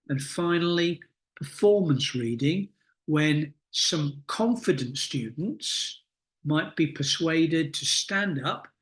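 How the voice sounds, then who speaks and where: A middle-aged man coaching teachers in a recorded lesson, explaining reading techniques in a deliberate, instructive way with many pauses. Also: a little high. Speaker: teacher trainer.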